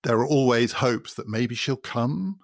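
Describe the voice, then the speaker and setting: A man's voice: medium pitch, lively intonation, measured pace, vocal fry, dry recording, studio quality. A man hosting a podcast, explaining a novel in a thoughtful way and building his points through repetition. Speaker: podcast host. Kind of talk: spoken literary commentary.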